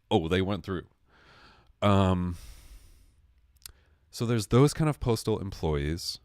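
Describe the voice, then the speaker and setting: Deep-voiced man ranting sarcastically. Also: no echo, studio quality. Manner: rambling, sarcastic, swearing, lively impressions of others. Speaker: livestream host. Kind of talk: casual comedic rant.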